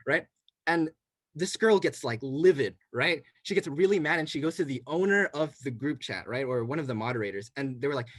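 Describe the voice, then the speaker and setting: A man's voice: on the high side, animated, brisk, fairly bright tone, dry recording. Chatty young man telling a story. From New York City. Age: young adult. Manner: rambling, lots of restarts and "right?" tags. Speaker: college student telling a story. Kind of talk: casual storytelling chat.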